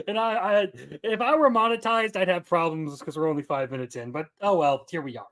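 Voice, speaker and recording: A man hosting a casual livestream, chatting with viewers and swearing loudly between laughs. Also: a little high, moderate pace. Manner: profane, loud outbursts and laughter. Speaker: livestream host.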